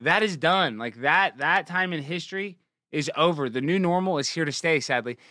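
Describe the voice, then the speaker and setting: A young adult man hosting a show, giving mocking, sarcastic commentary that swings from low muttering to loud exclamations. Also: moderate pace, dry recording, studio quality. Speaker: show host.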